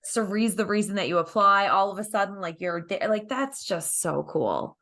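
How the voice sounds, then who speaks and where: A woman's voice: mid-range voice, lively intonation, moderate pace, a bit bright. A woman hosting a podcast, chatting casually and encouraging her guest. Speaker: podcast host.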